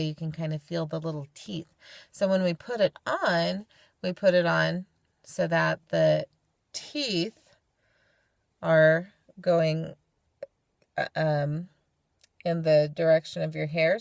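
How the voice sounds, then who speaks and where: A woman's voice: on the low side, creaky, no echo. A young woman from California giving a casual how-to tutorial at home, chatty and homey with playful asides. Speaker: vlogger demonstrating head covering.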